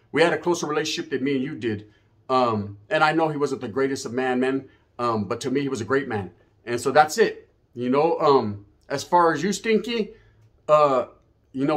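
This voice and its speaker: Brief: man ranting on his channel, cussing and confrontational, slightly higher voice. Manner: profane, confrontational, swaggering. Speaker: YouTuber. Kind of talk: ranting monologue to camera.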